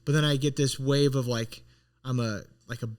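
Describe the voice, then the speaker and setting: A man co-hosting a podcast, chatting casually. He tells a story earnestly and rambles, often breaking off and starting his sentences again. His voice sits at a middling pitch. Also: steady tone, normal speed, clean tone. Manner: earnest, rambling retelling with frequent restarts. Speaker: podcast co-host.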